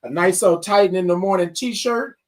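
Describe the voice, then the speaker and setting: A man's voice: sits high, moderate pace, recorded from a distance. A man hosting a morning livestream, calling viewers y'all and baby and singing out long good mornings. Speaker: host of a morning livestream show. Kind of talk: lively livestream greeting viewers.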